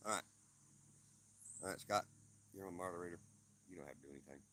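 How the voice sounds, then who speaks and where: A man with a drawl chats loosely with viewers during an outdoor livestream. His voice sits low, and his tone is easygoing and jokey. A faint outdoor ambience hums behind him. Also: fast talker, bright, forceful tone, slight background noise. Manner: laid-back, joking banter with chat. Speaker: livestream host. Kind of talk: casual livestream chat. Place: outdoors on a homestead.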